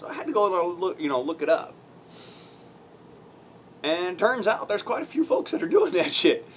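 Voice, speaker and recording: A man's voice: on the high side, very animated, normal speed, slight background noise. A man ranting on his own channel in blunt, crude, mocking commentary, swearing heavily, using folksy slang and laughing between points. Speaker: vlogger.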